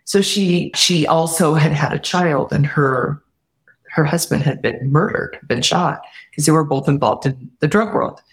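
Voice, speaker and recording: A woman guest telling a personal story earnestly, often quoting what others said, and reflecting warmly on faith. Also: sits low, measured pace. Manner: earnest, heartfelt retelling with quoted dialogue; warm spiritual reflection. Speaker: podcast guest.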